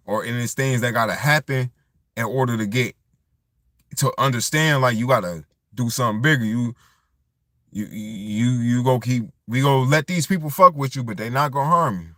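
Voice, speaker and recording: A man's voice: mid-range voice, a bit bright, dry recording, clean studio sound. A man talking in a loose, rambling vlog monologue, circling back and restarting his thoughts as he goes. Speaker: vlogger. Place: tent.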